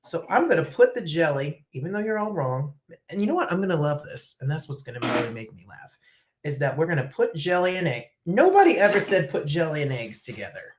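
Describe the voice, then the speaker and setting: Chatty woman host from New Jersey, lively up-and-down delivery, rambling and casual. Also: low-pitched, fairly quick, a little hiss or hum. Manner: animated, chatty, rambling storytelling. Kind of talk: casual chat while eating on camera.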